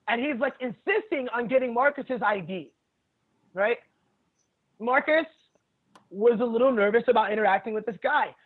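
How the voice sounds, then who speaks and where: A man with a fairly high voice tells stories casually, blunt and often profane, laughing as he goes. The audio is narrow and tinny, like it came through a phone line. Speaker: jiu-jitsu instructor, podcast guest. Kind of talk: casual storytelling chat.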